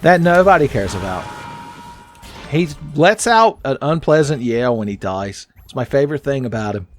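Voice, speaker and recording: A man giving joking, casual commentary while playing a video game, jumping up in pitch when excited. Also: moderate pace, faint music behind. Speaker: let's play host.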